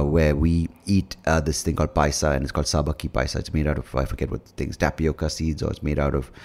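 A man's voice: extremely low pitch, darkish tone. A hungover man, rambling and swearing through a casual solo podcast monologue. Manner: rambling, profane, self-mocking. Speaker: podcast host.

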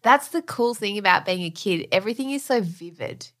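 A woman in casual podcast chat, expressive and quick to giggle. Her voice is bright and clear, and her pitch swings widely up and down as she talks. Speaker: podcast co-host.

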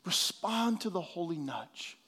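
High-voiced man preaching a sermon. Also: big pitch swings, unhurried, husky. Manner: dynamic preaching, swinging from hushed to loud. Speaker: pastor. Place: church hall.

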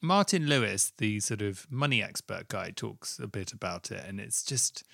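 A low-voiced man with a gravelly edge, hosting a podcast. He talks in an effusive, rambling way, full of restarts. The recording is close and dry. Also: expressive, moderate pace, sharp tone, no room sound. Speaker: podcast host. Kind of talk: casual interview and outro.

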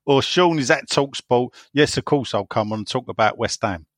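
A man's voice: medium pitch, normal speed, no room sound, clean studio sound. A man hosting a casual football podcast, teasing his co-hosts and reading out listener emails. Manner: jokey, teasing, reads listener emails aloud. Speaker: podcast host.

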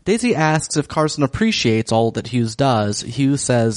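A man's voice: medium pitch, big pitch swings, unhurried, no echo. A man co-hosting a podcast, recapping a TV drama in casual chat with a dry, understated humor. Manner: dry, understated, laughs easily.

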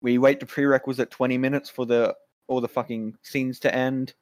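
A man's voice: mid-range voice, flat delivery, fairly quick, dry recording. A man in casual podcast chat, making dry, sarcastic jokes and swearing freely. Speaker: podcast co-host.

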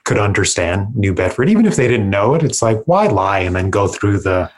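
A man's voice: fairly low pitch, big pitch swings, fairly quick. A young man from Massachusetts, a guest on a casual podcast, joking and self-mocking with rambling asides.

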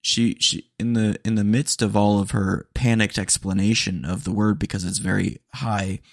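A young man hosting a solo podcast, telling stories in a rambling, animated way with lots of fillers. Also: fairly low pitch, moderate pace, creaky, no room sound, studio quality. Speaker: podcast host. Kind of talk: casual solo podcast monologue.

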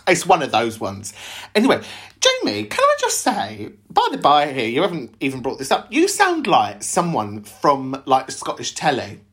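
A man's voice: mid-range voice, fairly bright tone. A man hosting a call-in show, cheeky and teasing, laughing often. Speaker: host. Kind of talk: casual chat reacting to callers.

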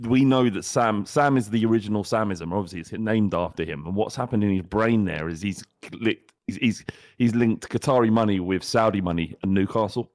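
A man co-hosting a casual football podcast, full of laughter and teasing banter. His voice sits somewhat low. It is recorded close on a podcast mic in a dry space with no room sound. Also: a little fast, few pauses, darkish tone, no echo. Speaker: podcast co-host.

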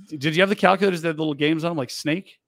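A man's voice: a little high, rapid-fire, no room sound. A man in his forties hosting a sports radio show in a studio, joking and teasing in casual banter.

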